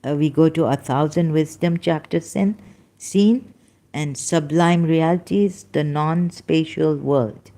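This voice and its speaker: A woman hosting her own channel, reading passages aloud in halting, self-correcting casual commentary. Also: low voice, dark tone. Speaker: solo channel host.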